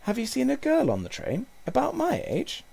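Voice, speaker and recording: An eager, curious young boy, voiced by a man reading a storybook aloud, full of earnest questions. The voice sits high and bounces lively, with a gravelly edge underneath. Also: normal speed, heavily acted. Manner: inquisitive, earnest.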